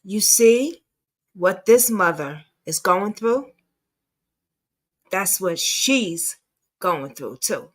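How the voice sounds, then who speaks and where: A woman's voice: medium pitch, lively intonation, very slow, pauses often. A woman hosting a commentary channel, chatting casually while reacting to clips.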